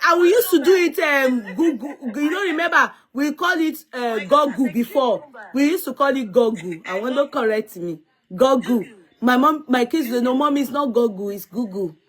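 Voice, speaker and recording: A woman's voice: high voice, expressive, moderate pace, a bit bright. A middle-aged woman with a Nigerian accent, chatting casually and slipping in Yoruba phrases. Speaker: host. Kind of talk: casual group chat.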